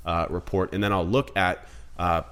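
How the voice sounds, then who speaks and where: A man's voice: low voice, level tone, moderate pace, fairly bright tone, smooth. A man in his thirties giving a casual screen-recorded marketing tutorial, blunt and conversational, calling viewers guys. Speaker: marketing instructor.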